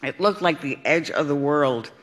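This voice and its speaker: A woman's voice: low voice, expressive, moderate pace, voice pushed down. A woman voicing a wise elderly duck in a storybook reading, reminiscing. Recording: long hall reverb.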